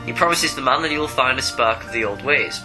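A man co-hosting a comics podcast, giving a steady, plain recap of a story and then chatting. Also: mid-range voice, fast, over music, low-quality recording. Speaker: podcast co-host. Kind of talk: summarizing a comic story, then casual chat.

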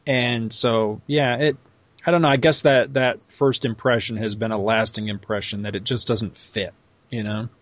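A man's voice: medium pitch, steady tone, moderate pace, dry recording. Hesitant middle-aged man in casual chat. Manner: rambling, hesitant reflections. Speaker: podcast co-host.

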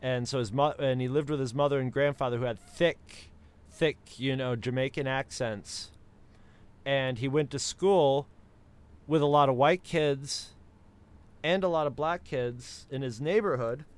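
Here a United States co-host talks a little slowly in a mid-range voice whose tone is clear and resonant. His casual chat is rambling and full of restarts, and he does impressions of other accents along the way.

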